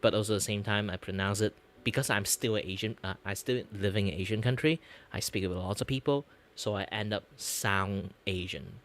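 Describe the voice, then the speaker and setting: A man from Malaysia with a Malaysian English accent touched by Scottish vowels, chatting casually as a streamer in a relaxed, rambling way. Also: lowish voice. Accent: Malaysian English with slight Scottish influence. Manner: rambling, relaxed, lots of fillers. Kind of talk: casual chat.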